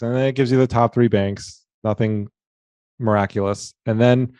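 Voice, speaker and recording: A man speaking as a guest in a casual business talk, relaxed, thinking aloud and often adding "right?". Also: mid-range voice, normal speed, dry recording, studio quality.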